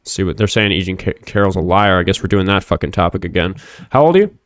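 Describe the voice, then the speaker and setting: A man's voice: deep voice, level tone, quick pace, fairly bright tone, dry recording, studio quality. A young man hosting a livestream show, rambling and swearing casually with lots of fillers. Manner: rambling, profane, frequent fillers. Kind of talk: casual livestream talk with callers.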